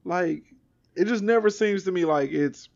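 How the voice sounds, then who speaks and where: A man's voice: high voice, moderate pace, gravelly, darkish tone, lo-fi sound. A man in casual chat, telling stories with a joking, incredulous edge.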